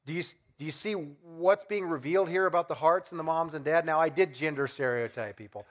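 A man's voice: a little high, brisk. A middle-aged man preaching a sermon in a conversational way, asking rhetorical questions and acting out everyday examples. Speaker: pastor.

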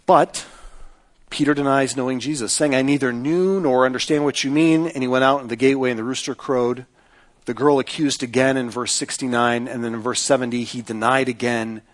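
A man's voice: mid-range voice, fairly even intonation, brisk. A man preaching a sermon in a conversational way, often checking in with listeners by asking "right?". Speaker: pastor.

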